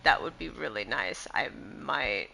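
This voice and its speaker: A woman's voice: a bass voice, measured pace, creaky. A woman playing a tabletop game, chatting casually with frequent giggles. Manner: giggly, animated. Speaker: player.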